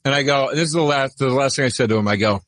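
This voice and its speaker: A comedian telling a heated story on a podcast, profane and animated. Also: male voice, mid-range voice, very fast. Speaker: comedian guest.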